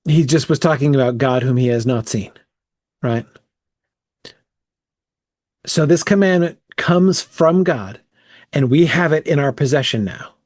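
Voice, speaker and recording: A man's voice: mid-range voice, measured pace, pauses often, a little mellow, dry recording, clean studio sound. Man teaching a casual bible study. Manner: thinking aloud, frequent "right?" and "um".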